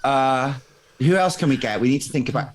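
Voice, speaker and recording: A man being interviewed as a guest, telling a story in an excitable, breathless way and laughing often. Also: mid-range voice, a little fast, a little hiss or hum. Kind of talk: animated anecdote telling.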